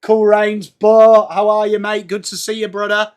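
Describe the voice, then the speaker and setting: A man's voice: sits high, flat delivery, moderate pace, darkish tone, clear, resonant tone. A man with an English accent hosting a casual live sports watchalong stream, chatting and greeting viewers by name. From England.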